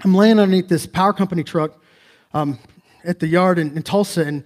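A man's voice: high voice, fairly quick. A man preaching a sermon as pastor, emphatic and conversational, with frequent rhetorical questions to the congregation.

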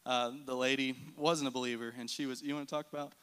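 A man's voice: medium pitch, fairly even intonation, quick pace, fairly bright tone, clean tone. A man giving a church mission report as an earnest storyteller. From United States. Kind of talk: church testimony talk.

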